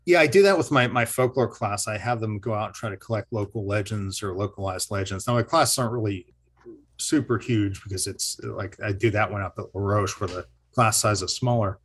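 Husky-voiced historian spinning a ghost story. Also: male voice, on the low side, fairly quick, a bit bright. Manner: rambling, self-correcting, chuckles often. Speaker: historian and teacher. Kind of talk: casual interview storytelling.

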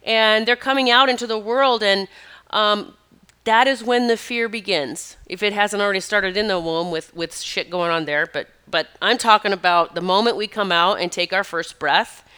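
A woman's voice: mid-range voice, normal speed, pushed and bright, clear, resonant tone. A middle-aged woman talking as a spiritual advisor in a casual, chatty monologue, emphatic and prone to tangents.

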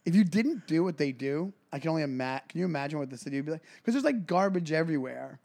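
A man in his forties with a high-pitched voice, co-hosting a loose, jokey podcast. He tells stories with animated energy, laughing often and slipping into voices for the people in them. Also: quick pace, vocal fry. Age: 40s. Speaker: podcast co-host. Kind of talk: casual chat.

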